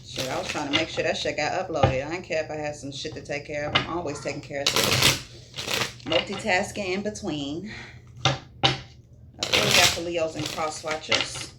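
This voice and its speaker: A woman's voice: low voice, normal speed, very noisy. Profane sing-song tarot reader woman. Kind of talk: casual tarot reading.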